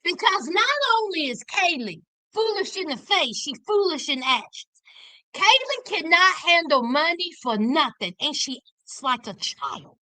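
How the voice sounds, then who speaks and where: A woman giving sassy, animated casual commentary on a reality TV show. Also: very high voice, measured pace, no room sound. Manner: sassy, animated, Southern slang.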